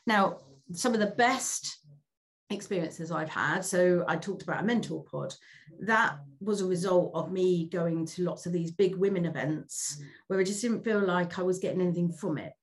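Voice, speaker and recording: A woman's voice: on the low side, normal speed. A middle-aged woman speaking as an interview guest. She talks candidly and reflectively, often repeating words as she starts a thought.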